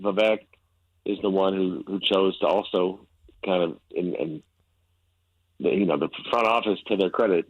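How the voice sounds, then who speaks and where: A deep-voiced man joins a radio sports show as a reporter guest, rambling in a relaxed, tired way. The call sounds muffled and dull, and dry with no room around it. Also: normal speed, long pauses, no room sound. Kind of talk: casual radio interview.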